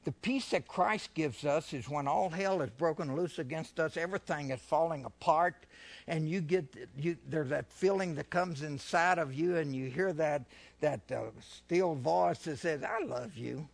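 A man's voice: on the high side, gravelly. A man preaching a sermon with fervour, questioning his listeners and drawing out and swelling his voice on scripture. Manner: fervent preaching, slows and swells louder when reading scripture; asks the congregation questions, repeats phrases.

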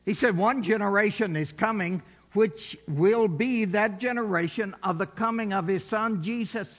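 A man's voice: high voice, normal speed, a bit bright. A man preaching a sermon in a church, building to emphatic, rising exhortations. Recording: dull sound in a reverberant hall.

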